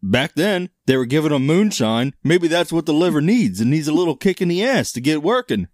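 A man's voice: fairly high pitch, very animated, a little fast, darkish tone, dry recording, clean studio sound. A man co-hosting a casual comedic chat who makes crude jokes and laughs a lot. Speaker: podcast co-host.

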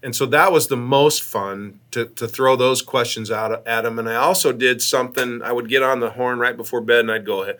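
Animated male astronaut from Nebraska. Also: mid-range voice, moderate pace, few pauses. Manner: animated, tags lines with "right?". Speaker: astronaut guest. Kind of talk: casual storytelling interview.

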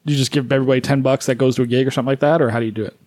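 A man's voice: medium pitch, steady tone, very fast, darkish tone, no echo. A man hosting a casual podcast, prodding his guests with questions, laughing often and swearing. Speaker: podcast host.

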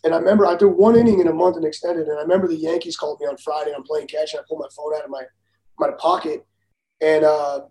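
A man in his forties, a former baseball pitcher, telling stories in casual talk. He is animated, acts out the other people's lines and laughs as he goes. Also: fast talker. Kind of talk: casual storytelling. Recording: roomy echo.

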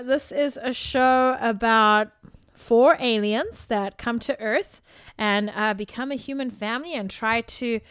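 A woman's voice: fairly high pitch, a bit bright, clear, resonant tone, dry recording, clean studio sound. A woman co-hosting a podcast, chatting casually and laughing as she retells things. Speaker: podcast co-host. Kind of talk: casual chat.

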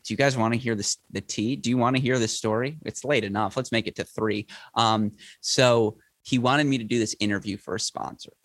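A man hosts a late-night podcast in loose, animated chat, laughing as he tells stories. His voice sits mid-pitch and is recorded close and dry over a remote call. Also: brisk, hardly any pauses, no echo. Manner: animated storytelling, laughs often. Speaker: podcast host.

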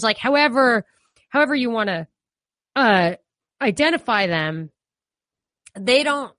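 A woman with a New York accent holds forth in casual commentary. She is animated and opinionated and leans on fillers. Her mid-pitched voice sounds dry and close. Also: no room sound. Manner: animated, opinionated, frequent fillers like "you know".

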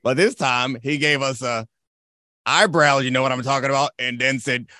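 A man co-hosting a sports podcast, talking in an animated, teasing way. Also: mid-range voice, normal speed, no room sound, studio quality. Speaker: podcast co-host. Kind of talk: casual sports chat.

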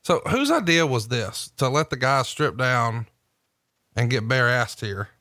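A man's voice: medium pitch, expressive, a little slow, pushed and bright, dry recording, studio quality. A man hosting a casual podcast chat, recapping events and asking teasing questions. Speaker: podcast host.

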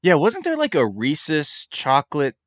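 A man co-hosting a podcast, animated and joking, with some swearing. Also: a little high, a little slow, no room sound, studio quality. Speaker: podcast co-host. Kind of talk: casual podcast chat.

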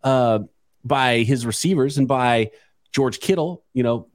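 A man's voice: mid-range voice, unhurried, no echo, clean studio sound. A man hosting a sports podcast, talking bluntly and chattily with frequent restarts. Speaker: podcast host. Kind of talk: casual sports chat.

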